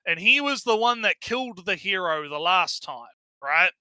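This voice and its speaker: A high, very bright man with a smooth, crisp voice recorded close and dry. He recaps a story in loose stream chat, swearing constantly and laughing as he trips over his words. His energy stays high and eager. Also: moderate pace, dry recording. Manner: profane, excitable, laughing, with many fillers. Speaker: co-host of a review stream. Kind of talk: casual plot recap chat.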